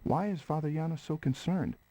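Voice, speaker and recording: An actor playing an earnest young gentleman investigator in a 1990s game, speaking formally with a put-on British accent. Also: a little high, close to an everyday voice, poor audio. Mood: concerned. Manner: formal, measured period speech.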